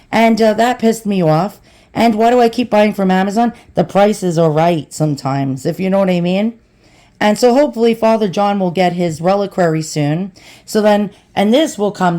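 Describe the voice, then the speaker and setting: A woman's voice: medium pitch, mellow. Chatty woman vlogging at home. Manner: chatty, rambling, talks to viewers as boys and girls. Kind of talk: casual unboxing vlog.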